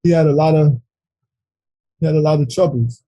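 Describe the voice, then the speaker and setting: A middle-aged man from New York City tells his life story at a Bible study, earnest and halting, near tears. His voice sits a little high, husky and mellow. The sound is dry and close, with no room echo. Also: highs cut off. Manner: earnest, halting, with frequent restarts. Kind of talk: emotional personal testimony in a Bible study.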